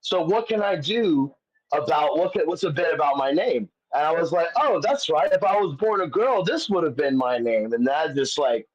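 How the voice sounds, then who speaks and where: A man's voice: fairly high pitch, animated, normal speed. Profane rambling man on lo-fi audio. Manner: profane, rambling with many fillers. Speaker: comedian guest. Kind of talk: casual storytelling chat. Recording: dull lo-fi audio.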